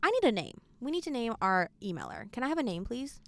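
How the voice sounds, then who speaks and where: Fast-talking animated teen girl host. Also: on the high side, creaky. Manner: animated storytelling, quick and laughing. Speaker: podcast host. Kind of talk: casual chat.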